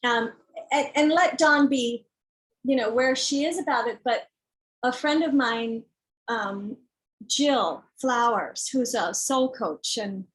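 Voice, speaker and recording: Frank, emphatic woman author, fairly high voice. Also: slow pace, a bit bright, poor audio. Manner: frank, emphatic, acts out what others say; swears when heated. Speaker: children's book author. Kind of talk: candid conversation.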